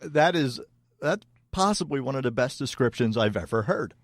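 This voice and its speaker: A man's voice: mid-range voice, expressive, moderate pace, no room sound, clean studio sound. Easygoing male hockey podcast co-host. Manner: easygoing, laughs often, many fillers. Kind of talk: casual sports chat.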